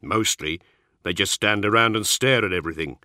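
A man doing a gruff deadpan soldier sergeant. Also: on the low side, normal speed, no echo, studio quality. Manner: deadpan growl. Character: gruff fatalistic male space marine sergeant.

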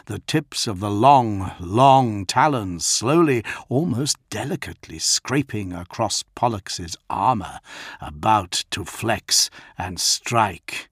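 A man narrates an audiobook slowly and deliberately, his voice gravelly and a little husky. The delivery is measured and dramatic, close and dry with no room sound. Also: on the low side, no echo. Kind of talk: scripted narration.

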